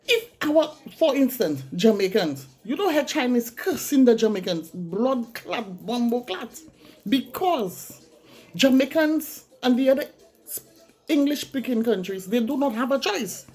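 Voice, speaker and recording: Heated Saint Lucian woman, higher voice. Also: big pitch swings, measured pace, darkish tone, slightly rough. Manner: blunt, heated, repeats herself for emphasis. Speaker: vlogger. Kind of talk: casual ranting monologue.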